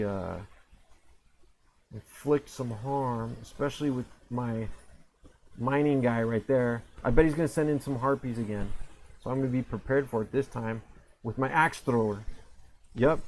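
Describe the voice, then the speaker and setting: A man's voice: mid-range voice, moderate pace, a little mellow, slight background noise, rough recording. A man casually commentating his own game, rambling and self-mocking, with frequent fillers and restarts. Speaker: gameplay commentator.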